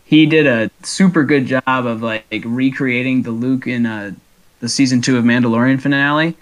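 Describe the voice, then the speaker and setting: A young man co-hosting a casual podcast, telling stories excitedly and laughing as he goes. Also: medium pitch, moderate pace. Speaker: podcast co-host. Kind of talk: casual chat.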